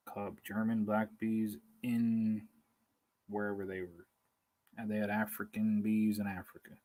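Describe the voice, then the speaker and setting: A man's voice: on the low side, low-quality recording. A man hosting a live stream outdoors, chatting in a rambling, casual way, hungry and tired, chuckling as he reads comments aloud. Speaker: beekeeping livestream host.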